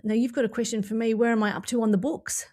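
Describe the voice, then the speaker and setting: A woman's voice: a little high, fairly even intonation, fast, darkish tone. Woman, Australian accent, podcast host, casual chat, enthusiastic, laughs often.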